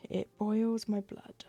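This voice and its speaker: Stitching on stream at her desk, this woman chats casually, rants, and laughs often, in a mellow, mid-range voice.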